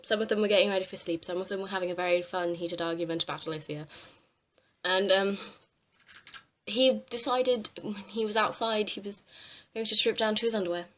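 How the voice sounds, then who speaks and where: A young woman ranting to camera on a vlog, exasperated and swearing freely with animated outbursts. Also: mid-range voice, a little fast, a little hiss or hum. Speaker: vlogger. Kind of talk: ranting commentary.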